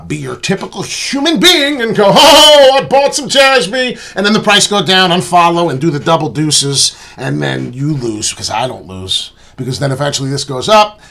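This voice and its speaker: A man hosting a crypto trading channel, giving casual chart commentary in a boastful, rambling, animated way. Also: medium pitch, vocal fry, breathy edge.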